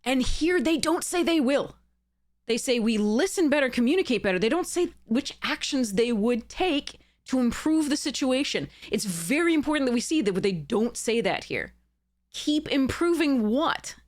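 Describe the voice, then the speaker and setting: Animated woman picking apart a letter. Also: moderate pace. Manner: animated, rising pitch when indignant, frequent "right?" asides; reads quotes aloud then rebuts them. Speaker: commentary host. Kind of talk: casual commentary analyzing a letter.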